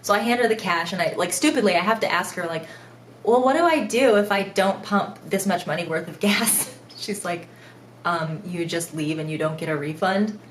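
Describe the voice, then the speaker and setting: A young woman, a mother and vlogger, telling a travel mishap story in an animated, self-mocking way with frequent laughter. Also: lowish voice, moderate pace, reverberant, a little hiss or hum. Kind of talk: storytime vlog.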